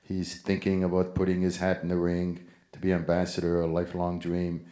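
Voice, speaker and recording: A man's voice: low-pitched, monotone, fairly quick, dark tone. A man interviewing a guest on stage, asking long, conversational questions. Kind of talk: live onstage interview.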